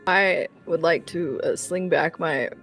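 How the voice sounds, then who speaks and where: A woman playing a tabletop game, playful and joking, quick to laugh. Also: on the low side, fairly bright tone, soft background music. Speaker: player. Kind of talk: casual tabletop play.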